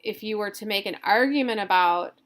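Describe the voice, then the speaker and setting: A woman's voice: medium pitch, a little fast, fairly bright tone. A woman instructor walking through poetry meter in a recorded lecture, explaining loosely with fillers and self-corrections.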